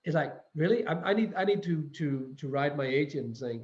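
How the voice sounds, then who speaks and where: A Danish guest actor chats casually in English with a Danish accent during an interview, stopping and restarting and repeating words as he searches for them. His voice is on the high side, animated and a little mellow, at normal speed with hardly any pauses. The audio is roomy and slightly dull.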